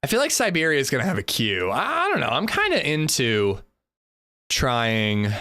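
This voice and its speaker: A man chatting casually on his live game stream, thanking viewers and reading out their names in quick bursts. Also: medium pitch, wildly swooping pitch, sharp tone.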